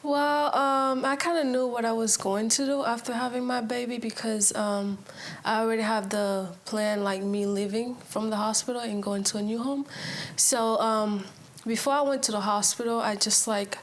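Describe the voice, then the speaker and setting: A woman's voice: fairly high pitch, fairly even intonation, normal speed. A teenage girl telling her own story as a guest, chatty and full of likes and ums. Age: teens. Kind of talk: casual personal story.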